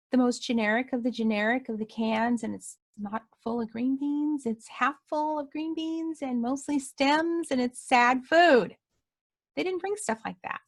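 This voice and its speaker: High-voiced woman telling a testimony. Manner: animated, acts out quoted voices, emotional retelling. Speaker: storyteller sharing a personal testimony. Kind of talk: casual spoken testimony.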